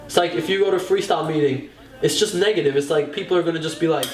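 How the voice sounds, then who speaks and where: A man's voice: fairly high pitch, fast talker. Young man, rambling casual talk, fillers, roomy echo. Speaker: freestyle footballer. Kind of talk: documentary interview.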